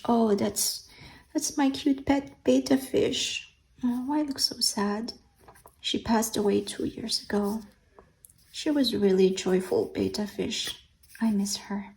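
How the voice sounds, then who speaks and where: A woman hosting a casual vlog, talking slowly and hesitantly with many ums and restarts. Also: mid-range voice, mellow, low-quality recording. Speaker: art channel host. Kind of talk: casual show-and-tell vlog. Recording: faint background noise.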